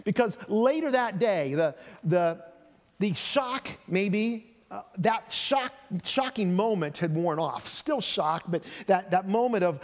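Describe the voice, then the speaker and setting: Man, pastor, sermon, animated storytelling, high-pitched, reverberant church. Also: a little slow. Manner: conversational, animated retelling with voiced quotes. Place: church sanctuary. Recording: long reverb of a church hall.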